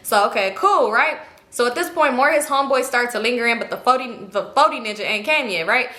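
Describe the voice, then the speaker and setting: Bright, animated young woman telling a story. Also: a little high, quick pace. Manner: animated, slangy, quotes others in small voices. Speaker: vlogger. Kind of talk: casual storytime. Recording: echoey room.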